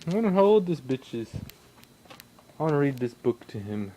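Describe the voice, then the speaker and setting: A young man rambling casually in his home workshop, swearing a lot and breaking into sudden loud outbursts. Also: mid-range voice, very animated, moderate pace, slight background noise, rough recording. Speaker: vlogger.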